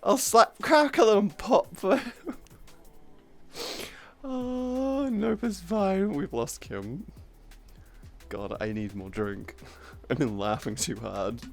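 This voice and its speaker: A woman's voice: mid-range voice, lively intonation, slow pace, gravelly, pauses often, soft background music. A woman streamer in casual livestream chat who laughs often and swears freely as she teases her friends.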